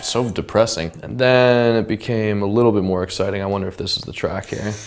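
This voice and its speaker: A man's voice: on the low side, steady tone, a little fast, soft background music. A man casually explaining how he produced a pop song, often stopping to hum and mimic sounds. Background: his song's tracks playing loudly.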